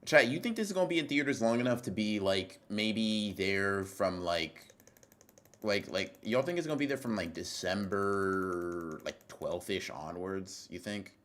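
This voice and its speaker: Deep-voiced rambling young streamer man. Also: expressive, measured pace, fairly bright tone. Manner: rambling, profane, self-interrupting, reacting to chat. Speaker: livestreamer. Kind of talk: casual livestream chat to viewers.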